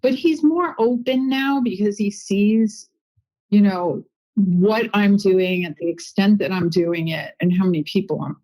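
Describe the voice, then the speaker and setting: A woman guest on a podcast, telling a personal story in a chatty, animated way with lots of asides. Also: mid-range voice, unhurried, low-quality recording. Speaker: guest medium and intuitive healer. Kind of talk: casual interview storytelling.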